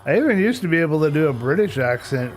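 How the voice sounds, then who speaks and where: A man's voice: fairly high pitch, big pitch swings, fast, faint music behind. A man chatting casually to viewers during a live game stream, talking to himself and grumbling mildly about technical glitches. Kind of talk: casual live-stream chat while gaming.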